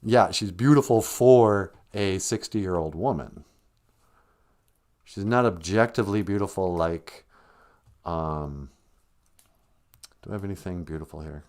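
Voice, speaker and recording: A man's voice: sits low, measured pace, pauses often, a little mellow. A man hosting a comedic live-stream language lesson, teasing a pretend caller in a blunt, chatty way. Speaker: Ojibwe language teacher and host.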